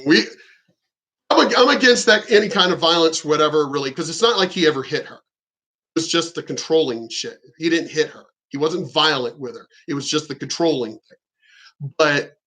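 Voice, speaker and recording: A man in his forties rants on his commentary channel, swearing constantly and telling stories with heat. His voice sits a bit higher than most men's. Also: normal speed, sharp tone. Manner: profane, heated, storytelling. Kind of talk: ranting video commentary.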